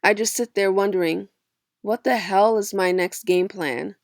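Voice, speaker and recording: A woman giving a measured first-person audiobook narration of a young adult novel. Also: mid-range voice, creaky, dry recording, studio quality.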